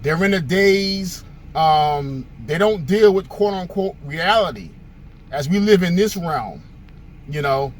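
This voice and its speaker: A man's voice: high voice, lively intonation, takes it slowly. A male host giving a casual, conversational monologue, telling stories with frequent fillers.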